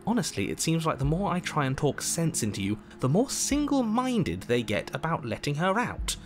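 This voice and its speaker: A wry, lively horror-game narrator. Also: male voice, fairly high pitch, soft background music. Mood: uneasy, exasperated. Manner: measured storytelling, sliding into anxious, bickering asides. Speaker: game narrator and inner voices.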